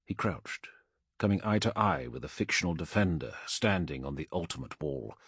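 Husky man narrating an audiobook. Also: sits low, moderate pace, no room sound, studio quality. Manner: dramatic, expressive reading.

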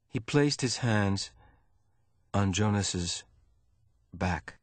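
A man narrating a novel in a measured storytelling manner. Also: no echo. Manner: measured storytelling, rising in pitch during tense passages. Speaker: audiobook narrator. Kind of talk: scripted narration.

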